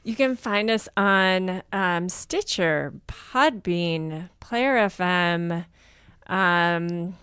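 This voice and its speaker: A woman's voice: fairly low pitch, drawn-out words, a bit bright, smooth, no room sound, clean studio sound. A woman co-hosting a podcast, giggly and playful in casual chat. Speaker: podcast co-host.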